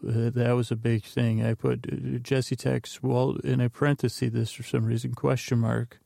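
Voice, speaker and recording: Retelling a TV episode in a jokey, meandering recap, a podcast host slips into loose quoted voices for laughs. His mid-range voice is gravelly and dark-toned, recorded in a clean studio with no room sound.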